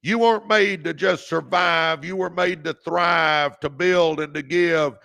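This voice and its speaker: With a slightly high, gravelly voice, a steady tone and a measured pace, a man over forty runs a motivational livestream. He preaches fervently to his viewers, calling them "baby" and shouting encouragement.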